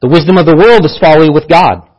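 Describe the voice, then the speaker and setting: A man's voice: on the high side, expressive, quick pace, highs cut off. A man preaching a sermon as pastor, teaching earnestly and repeating key phrases for emphasis.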